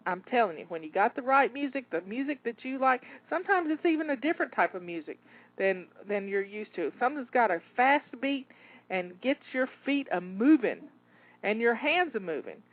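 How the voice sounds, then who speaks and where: A woman's voice: a little high, very animated, a little fast, dry recording. A woman coaching listeners through timed cleaning tasks, cheering them on with encouraging, repeated rallying phrases. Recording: phone-like narrow dry sound.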